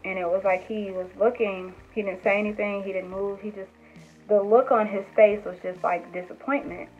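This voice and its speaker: A woman's voice: medium pitch, fairly even intonation, moderate pace. A young woman vlogger casually telling stories about her dreams to camera, chatty and earnest, with lots of "like" and restarts. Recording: tinny phone-like sound with faint music.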